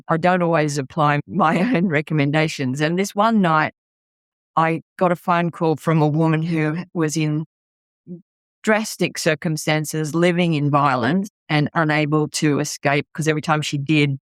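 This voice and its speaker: A woman's voice: sits low, no echo. A middle-aged woman with an Australian accent, a charity founder speaking in an interview. She talks earnestly and bluntly and often restarts her sentences. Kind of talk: candid interview storytelling.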